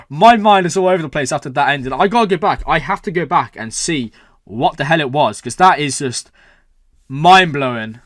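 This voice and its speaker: A young man hosting a show reaction, rambling excitedly with lots of "like" and "man". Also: fairly high pitch, fairly quick, no echo, clean studio sound. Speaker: reaction video host. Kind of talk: excited casual reaction talk.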